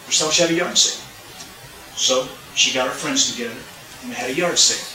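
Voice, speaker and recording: A man's voice: mid-range voice, brisk, long pauses, soft background music. A man preaching a sermon, telling a story and acting out its dialogue to the congregation. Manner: animated, acts out dialogue, addresses congregation. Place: church sanctuary. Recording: roomy sound from a distant mic.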